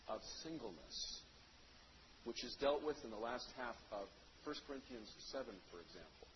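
A man preaching a sermon, reading scripture and then explaining it, with loud stressed phrases that drop to quiet endings. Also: mid-range voice, slight background noise. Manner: emphatic, swings between loud stresses and quiet trailing phrases. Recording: dull lo-fi sound.

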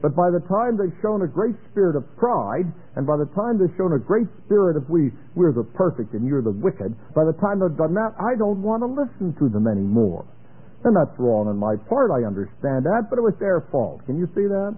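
A middle-aged man preaching a sermon, telling anecdotes and acting out the dialogue with animated storytelling. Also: fairly high pitch, brisk, slightly rough. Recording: tinny lo-fi phone-band recording.

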